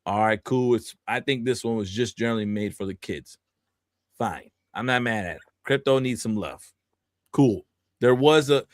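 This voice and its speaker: A man's voice: mid-range voice, no echo, studio quality. A man co-hosting a podcast, ranting casually and animatedly with lots of swearing. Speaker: podcast co-host.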